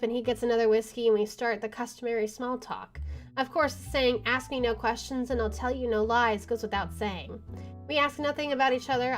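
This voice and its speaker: A woman streamer reading a visual novel aloud, with wry asides and swearing. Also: a little high. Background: game music.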